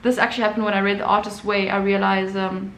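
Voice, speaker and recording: A young woman artist tells a personal story casually, in a middle-pitched voice full of fillers and restarts. The room is echoey, and a faint noise hums behind her. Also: little pitch movement, quick pace. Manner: chatty, many fillers and restarts, emotional. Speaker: artist and channel host.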